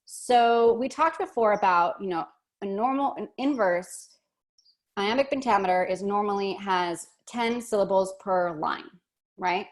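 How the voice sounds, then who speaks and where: A woman's voice: medium pitch, measured pace. Woman, teacher, online workshop, chatty, fillers and restarts, video call mic.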